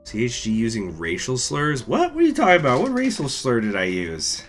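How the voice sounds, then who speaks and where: A man's voice: medium pitch, wildly swooping pitch, brisk, faint music behind. A man hosting a gaming channel, chatting casually and rambling to his viewers in an offhand, profane way. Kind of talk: casual chat to live viewers.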